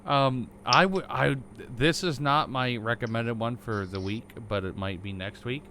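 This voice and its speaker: A man's voice: mid-range voice, measured pace, pushed and bright, a little hiss or hum. Crude-joking young man on a podcast. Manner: crude joking, hesitant with many fillers. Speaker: podcast co-host. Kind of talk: casual chat.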